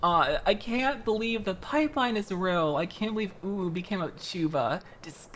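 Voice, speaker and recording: A young woman from Florida, chatting casually on a livestream while building a model kit, animated and quick to laugh, with frequent restarts. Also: mid-range voice, slight background noise. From Florida, United States. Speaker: streamer.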